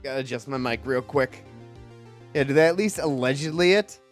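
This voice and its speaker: A woman's voice: very deep voice, a little fast, soft background music. A woman streamer giving chatty, jokey commentary while playing a video game. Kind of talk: casual let's-play commentary.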